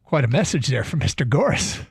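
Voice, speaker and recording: A man hosting a sports talk radio show, reading a statement aloud with measured, deliberate emphasis in a studio. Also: a little high, sing-song, gravelly, breathy edge, no echo. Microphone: studio mic.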